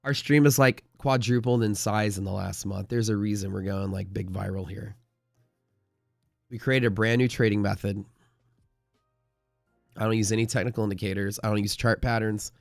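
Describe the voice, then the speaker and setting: A man's voice: on the low side, fairly even intonation, moderate pace, creaky, long pauses, dry recording, clean studio sound, faint music behind. A man hosting a live day-trading stream, chatting casually in a rambling way, full of fillers and the odd swear word.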